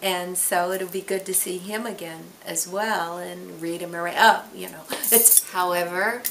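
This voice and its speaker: A woman in her sixties, a stage actress, telling an anecdote in a lively storytelling manner, acting out the quotes. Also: lowish voice, normal speed, vocal fry, slight background noise. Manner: animated, acts out quotes.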